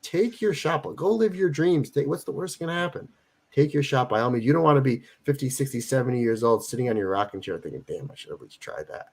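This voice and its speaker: A man's voice: mid-range voice, fast talker, vocal fry. A man in his forties, a guest in a casual interview, talking emphatically and repeating his points to drive them home. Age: 40s. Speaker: guest wrestler.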